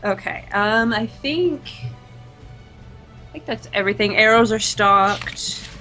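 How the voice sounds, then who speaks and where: A woman's voice: mid-range voice, slow pace, pushed and bright, faint music behind. A woman playing a tabletop game, chatty and easygoing. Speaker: player. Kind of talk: casual tabletop game play.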